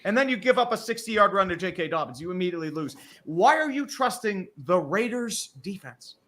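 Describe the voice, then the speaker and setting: A man talking football on a casual panel over a video call, building up animated, emphatic rants. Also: high voice, brisk. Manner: animated, rising to emphatic bursts. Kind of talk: casual sports chat.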